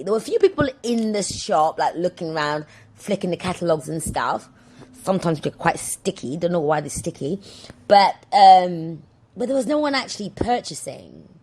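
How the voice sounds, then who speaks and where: A woman's voice: on the low side, darkish tone. A young woman hosting a casual solo podcast, telling rambling, digressive stories in a chatty way. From London. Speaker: podcast host.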